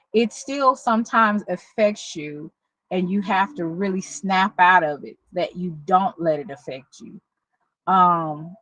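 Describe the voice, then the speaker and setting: A woman with a Southern US accent, talking candidly and haltingly in a personal vlog, at times close to tears. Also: fairly low pitch, fairly bright tone, dry recording, low-quality recording. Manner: slow, candid, halting, with many pauses and fillers. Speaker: vlogger. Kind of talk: emotional personal vlog talk.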